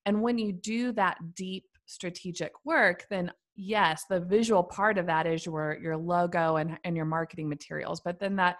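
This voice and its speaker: A woman's voice: lowish voice, steady tone, normal speed, hardly any pauses. A woman guest in an interview, explaining her branding work in an earnest, thoughtful way, building her points in lists. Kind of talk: conversational interview answers.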